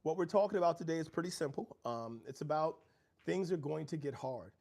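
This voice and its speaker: A man's voice: fairly high pitch, expressive, a little fast, creaky, a little mellow. A middle-aged man hosting a motivational livestream from home, talking earnestly about growth and challenge. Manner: earnest, preachy, reads out viewer chat. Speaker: livestream host.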